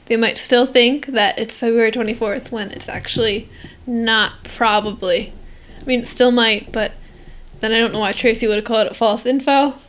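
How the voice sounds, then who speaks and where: A woman's voice: fairly high pitch, fairly even intonation, moderate pace, fairly bright tone. Give me a teenage girl co-hosting a podcast, rambling and giggling between fillers. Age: teens. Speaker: podcast co-host. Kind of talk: casual chat.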